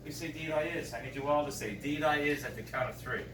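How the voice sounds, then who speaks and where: A man's voice: on the high side, fast. A man with a Newfoundland accent leading a playful, teasing screech-in ceremony, teaching local sayings to a group of visitors. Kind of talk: joking lesson to a group. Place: bar room with a group. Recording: roomy, distant, noisy bar.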